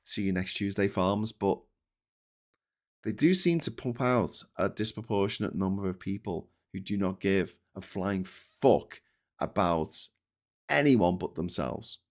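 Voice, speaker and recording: A man's voice: sits low, unhurried, a little mellow. A middle-aged man hosting a daily political news show, talking in a blunt, sarcastic, sweary ranting style with many fillers and restarts. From Britain. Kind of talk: casual ranting commentary.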